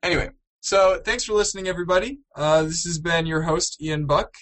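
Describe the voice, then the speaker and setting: A man's voice: on the high side, a little fast, a bit bright, rough recording. Young man hosting a casual gaming podcast. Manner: rambling, joking, lots of fillers. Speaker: podcast host.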